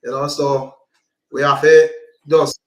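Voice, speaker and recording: A man's voice: fairly high pitch, flat delivery, slow, echoey room. A Jamaican man hosting a casual livestream, greeting viewers in patois. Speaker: livestream host.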